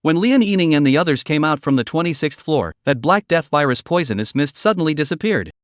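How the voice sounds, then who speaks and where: A man narrating a scripted story recap in a steady, even reading voice. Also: a little high, brisk, no echo, clean studio sound.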